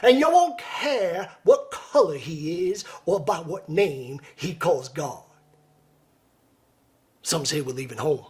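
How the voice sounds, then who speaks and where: A man playing a male army commander in a Deep South accent, giving a loud, stirring, solemn speech to his troops. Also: animated, slow pace. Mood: rousing.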